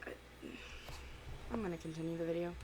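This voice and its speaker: A woman giving casual, rambling reaction commentary full of fillers and pauses. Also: lowish voice, fairly even intonation, warm tone, slight background noise. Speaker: reaction video host.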